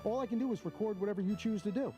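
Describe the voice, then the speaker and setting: A man's voice: sits high, rapid-fire, warm tone, faint music behind. A man doing blunt, mocking running commentary to his camera outdoors. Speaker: camera auditor filming police. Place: outdoors, near a parking lot.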